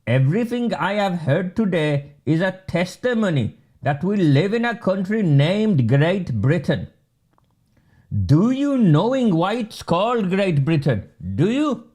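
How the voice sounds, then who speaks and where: A man's voice: high-pitched, a little mellow, pitched above the performer's own voice, heavily acted. A man putting on the voice of a male councillor giving a grandiose speech in broken grammar.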